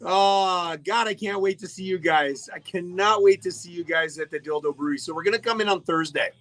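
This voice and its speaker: A man's voice: high voice, a little fast, fairly bright tone. A man hosting a live radio show in casual, jokey chat, greeting listeners by name. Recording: faint music behind the voice.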